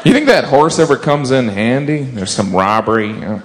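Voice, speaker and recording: A man doing a stand-up routine, animated, slipping into high silly voices for the characters he quotes. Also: brisk. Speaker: stand-up comedian. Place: live comedy venue with audience. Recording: live stage recording with audience and noise.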